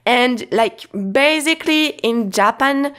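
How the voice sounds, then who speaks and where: Slow patient woman teaching. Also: high-pitched, a bit bright, clear, resonant tone. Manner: slow, repetitive, patient explaining with many restarts and fillers. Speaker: Japanese teacher. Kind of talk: casual explanatory lesson.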